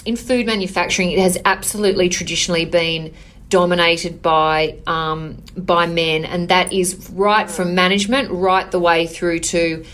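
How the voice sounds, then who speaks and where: Earnest businesswoman, lowish voice. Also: fairly even intonation, a bit bright. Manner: earnest, measured, with frequent "you know" fillers. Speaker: business owner, interview guest. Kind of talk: conversational interview answers.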